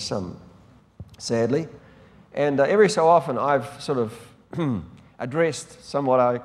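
Male NZ preacher, slightly high voice, chatty rambling sermon, long hall echo. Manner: conversational and rambling, with frequent restarts. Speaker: pastor.

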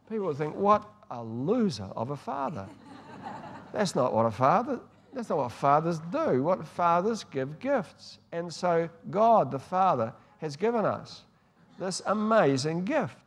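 A man preaching a sermon, telling warm stories and moving between hushed and emphatic delivery. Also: high-pitched, sing-song, a little slow. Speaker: pastor. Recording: long hall reverb.

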